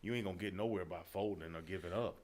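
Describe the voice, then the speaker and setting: A man's voice: low voice, fast talker, darkish tone. A male business owner hosting a podcast, talking in a casual, emphatic way and often saying "man" and "bro.". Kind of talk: casual chat.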